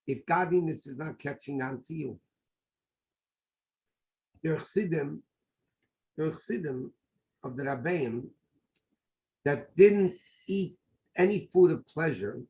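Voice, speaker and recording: A middle-aged man giving a Torah lesson as a rabbi, his voice sitting fairly high. He speaks emphatically and drops Hebrew terms into his English explanations. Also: a little mellow, low-quality recording. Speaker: rabbi teaching a class. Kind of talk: Torah class lecture.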